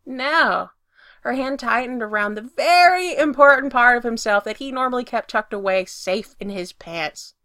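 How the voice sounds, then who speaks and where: Woman reading a story out, bright voice, kinda high, super expressive, dry close mic. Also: normal speed, few pauses, no room sound. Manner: lively, expressive reading that swells when excited. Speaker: reader. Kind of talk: storytelling narration.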